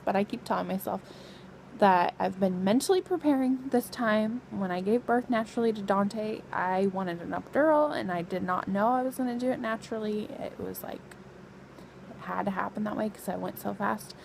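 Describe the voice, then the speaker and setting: Lying in bed at home, a young pregnant woman vlogs casually to her camera, chatty and rambling and laughing often. Her medium-pitched voice is creaky and a little mellow, with slight background noise and poor audio quality.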